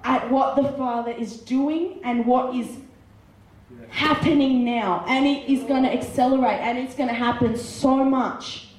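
A woman's voice: high-pitched, fairly even intonation, unhurried, darkish tone. A woman preaching a sermon, impassioned, retelling a story and voicing its characters. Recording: very echoey hall.

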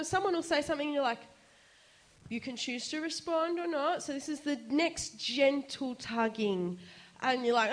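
A woman giving a casual, chatty sermon, animated and laughing often, her voice jumping up for quoted asides. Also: high-pitched, moderate pace. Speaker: preacher.

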